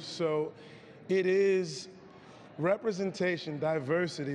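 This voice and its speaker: A hoarse actor answering reporters candidly in an awards press room. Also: male voice, a little high, big-room sound. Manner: candid, reflective, loosens up when excited.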